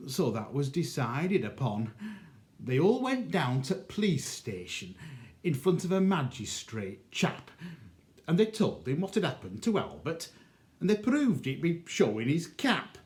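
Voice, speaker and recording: A man, a librarian, reciting a comic rhymed monologue in a measured, theatrical storytelling manner. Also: mid-range voice, very animated, darkish tone.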